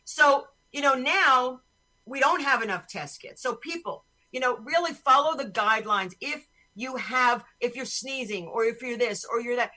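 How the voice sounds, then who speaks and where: A woman's voice: sits high, normal speed, bright, forceful tone, poor audio. A woman hosting a podcast over a video call, talking in a blunt, profane, ranting way. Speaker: podcast host. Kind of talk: casual chat on a video call.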